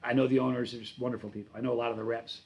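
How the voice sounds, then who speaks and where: A man hosting a relaxed livestream, answering his viewers' chat in a loose, rambling way. His voice sits at an ordinary middle pitch. He often stops and corrects himself mid-sentence. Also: rapid-fire, low-quality recording. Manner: rambling, self-correcting, friendly. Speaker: channel host reading live chat.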